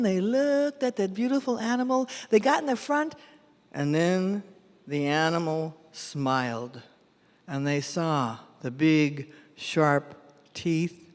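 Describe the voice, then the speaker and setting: A woman from San Jose performing a bilingual folk tale live, animated and mixing Spanish with English. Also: medium pitch, slow pace. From San Jose, California. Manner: animated, switches between Spanish and English phrases. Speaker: storyteller. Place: large event hall. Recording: echoey hall from a live event.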